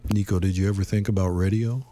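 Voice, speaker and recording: A man's voice: low voice, fairly even intonation, fast, dark tone, dry recording. A man hosting a jazz event, introducing players with casual teasing banter and frequent laughter. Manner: joking, teasing, laughs often. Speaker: host of a jazz session.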